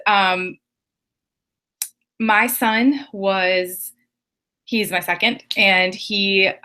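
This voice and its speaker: Bright-voiced woman telling her story. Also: mid-range voice. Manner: candid and warm storytelling, quick asides. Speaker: guest. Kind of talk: personal story on a group call. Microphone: video call.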